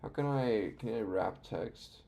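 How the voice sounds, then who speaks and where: Low, gravelly young man thinking aloud. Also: measured pace, dark tone. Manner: muttering, hesitant, reading code aloud while typing. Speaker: live streamer learning to code. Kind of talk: casual live-stream thinking aloud.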